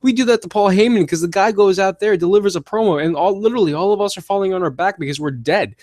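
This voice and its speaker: A man's voice: high voice, fast, a little mellow, no echo, clean studio sound. A man hosting a solo podcast, ranting with sarcasm and mocking impressions as he talks. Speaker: podcast host. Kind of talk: solo wrestling commentary podcast.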